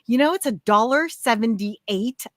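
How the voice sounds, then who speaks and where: A Canadian woman in her thirties talks in a loose, chatty way, stacking "like" between her thoughts. Her voice sits a little high. The recording is close and dry, with no room sound. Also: expressive, no echo. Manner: chatty, filler-heavy, quick laughs. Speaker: co-host, crochet designer. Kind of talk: casual livestream chat.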